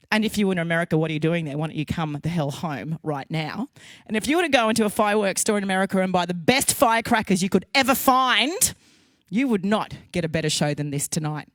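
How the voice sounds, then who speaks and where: A woman's voice: medium pitch, no echo. Chatty Australian woman hosting a show. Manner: chatty, playful and emotional, jokes at herself. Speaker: host. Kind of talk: live stream show hosting. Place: studio kitchen. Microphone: handheld mic on a lead.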